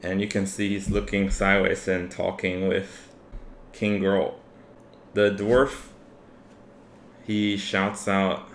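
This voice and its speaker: Unhurried low-voiced game master. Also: male voice. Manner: relaxed, unhurried narration with fillers. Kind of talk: narrating a tabletop game. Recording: echoey room with faint ambient noise.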